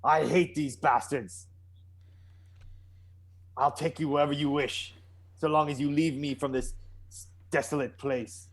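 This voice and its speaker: A man's voice: fairly high pitch, fairly even intonation, unhurried, pauses often. A man voicing his tabletop character, a bitter young outcast, who speaks in a raised, scornful voice.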